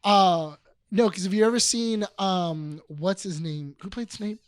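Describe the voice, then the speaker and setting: A man's voice: high voice, measured pace, clean tone, no room sound, clean studio sound. A man co-hosting a podcast in casual chat, rambling through anecdotes with restarts and quoted asides. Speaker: podcast co-host.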